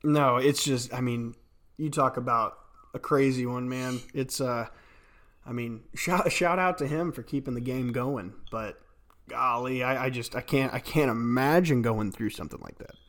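A man's voice: mid-range voice, normal speed, fairly bright tone. A man from Arkansas, co-hosting a podcast and telling rambling stories that he laughs through. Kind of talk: casual storytelling chat.

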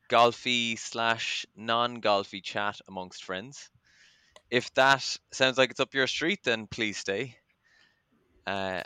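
A man's voice: fairly low pitch, bright, forceful tone, smooth, no room sound. An Irish man hosting a casual podcast chat, chatty and self-deprecating, with plenty of ums. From Ireland. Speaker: podcast host.

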